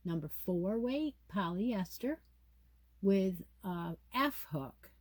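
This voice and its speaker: An American woman hosts a relaxed crochet channel, reading pattern details aloud and thinking to herself along the way in a casual yarn chat. Her voice is on the low side and a little mellow.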